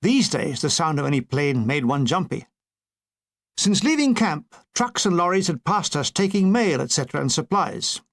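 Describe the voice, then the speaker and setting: A man's voice: on the high side, big pitch swings, moderate pace. An older man reading his own war memoir aloud, with dry comic timing. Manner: dry comic delivery with brief put-on voices. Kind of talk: audiobook narration.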